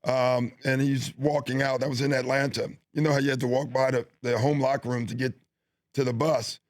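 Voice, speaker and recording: A middle-aged man, a basketball coach, being interviewed and telling stories in a relaxed way, with lots of fillers and restarts. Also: mid-range voice, fairly quick, no room sound, clean studio sound. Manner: easygoing, with frequent fillers and restarts. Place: studio.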